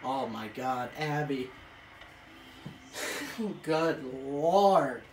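A woman commentating her own video game play, excitable, swearing and yelling at the screen. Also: very deep voice, extremely slow. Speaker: gaming video creator. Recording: echoey room, off-mic, faint hiss.

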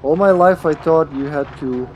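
A man's voice: a little high, moderate pace, slight background noise. A man streaming a video game, joking, swearing and talking to his teammates in casual commentary.

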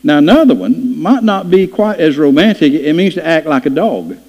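Folksy preacher in a church hall. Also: male voice, on the high side, sing-song, moderate pace, gravelly, a little mellow. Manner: folksy storytelling with playful acted-out voices. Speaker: pastor. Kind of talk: sermon. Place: church sanctuary. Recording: dull lo-fi church hall recording.

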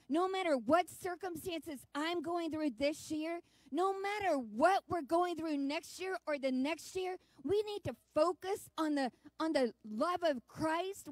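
A woman's voice: extremely high pitch, unhurried, few pauses, no echo. Earnest woman telling a sermon story. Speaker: church speaker. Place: church service.

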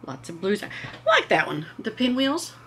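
A woman hosts a casual vlog, chatting and gushing with enthusiasm. Her voice has a bright, forward tone. A faint background hiss sits under the recording. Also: medium pitch, huge pitch swings, moderate pace. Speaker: vlog host.

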